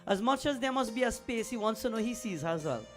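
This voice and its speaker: A man's voice: very high-pitched, expressive, fast. A man, a pundit, preaching a storytelling sermon in a temple in a folksy, conversational way. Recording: music in the background.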